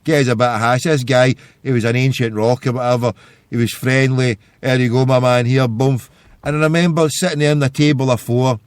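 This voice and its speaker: With a brisk pace, fairly even intonation, and a clean, medium-pitched tone, a Scottish podcast host delivers a rambling, casual storytelling monologue. No echo is present.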